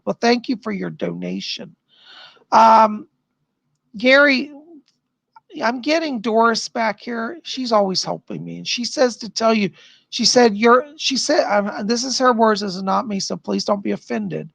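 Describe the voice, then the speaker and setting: A man hosts a live-stream, chatting through viewer questions and relaying spirit messages. His voice is gravelly with heavy fry. It sounds husky and dry, close to the mic. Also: sits high, a little slow, fairly bright tone, no room sound. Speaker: psychic livestream host. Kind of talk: live-stream chat readings.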